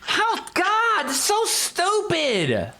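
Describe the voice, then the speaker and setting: Sarcastic man with a lively voice. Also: very high-pitched, drawn-out words, creaky. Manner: sarcastic, scoffing, slangy. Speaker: reaction video host. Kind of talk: mocking commentary on a clip.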